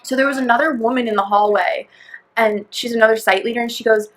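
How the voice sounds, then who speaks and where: A woman's voice: a little high, fairly even intonation, fast. A young woman co-hosting a podcast, telling a long story in a rambling, laughing way, full of "like" and acted-out quotes. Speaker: podcast co-host. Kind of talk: casual chat storytelling.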